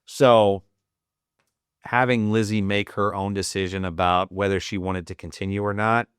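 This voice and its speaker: A man from the United States, a Marine veteran guest on a podcast, telling a personal story candidly, with heavy swearing, fillers and halting restarts, choked up and teary. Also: fairly low pitch, flat delivery, clear, resonant tone, no room sound, clean studio sound. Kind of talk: emotional storytelling in a podcast interview.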